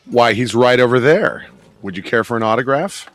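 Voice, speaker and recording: A man's voice: mid-range voice, lively intonation, normal speed, a bit bright. A man playing a tabletop game, casual and a little hesitant while asking questions. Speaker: player.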